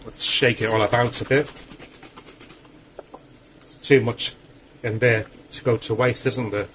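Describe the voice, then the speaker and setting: A man's voice: medium pitch, fairly even intonation, measured pace, a bit bright, a little hiss or hum, low-quality recording. A man cooking in his home kitchen, talking casually through the steps with chatty asides, a little out of breath. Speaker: home cook.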